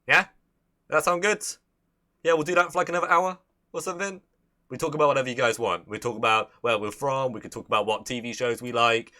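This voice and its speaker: A man's voice: medium pitch, bright, forceful tone. A young man from the English Midlands, with a Midlands accent, hosting a casual livestream and chatting to viewers in a rambling way, often swearing and restarting sentences. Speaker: livestream host.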